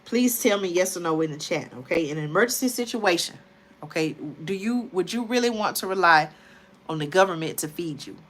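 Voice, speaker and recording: A woman's voice: fairly low pitch, expressive, a little fast, fairly bright tone. A woman hosting a late-night livestream, tired and chatty, often talking to viewers as y'all. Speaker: livestream host. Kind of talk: casual livestream talk.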